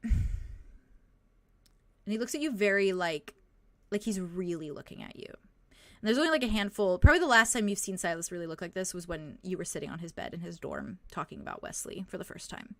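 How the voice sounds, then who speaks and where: A woman's voice: on the low side, lively intonation, fairly quick, no echo. A woman narrating as game master for a tabletop game, hesitant, with frequent ums and likes. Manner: hesitant, lots of "um" and "like".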